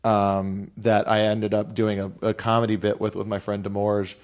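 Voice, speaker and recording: A man's voice: lowish voice, little pitch movement, moderate pace, a little mellow. A man co-hosting a podcast, telling rambling stories packed with "like". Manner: rambling storyteller, heavy use of "like". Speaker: podcast co-host. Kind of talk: casual podcast chat.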